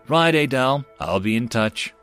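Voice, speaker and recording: A man's voice: mid-range voice, lively intonation, measured pace, a bit bright, clean tone, soft background music. A man doing a wry, exasperated human woman.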